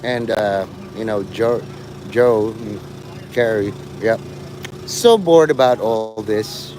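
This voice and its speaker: A man's voice: lowish voice, takes it slowly, background noise. A man livestreaming to his chat, rambling and teasing people in crude, mocking talk.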